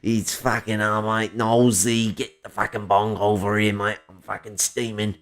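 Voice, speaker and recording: A man voicing a laid-back, stoned Australian bloke with a raspy put-on accent and lots of swearing. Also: fairly low pitch, flat delivery, unhurried, a bit bright.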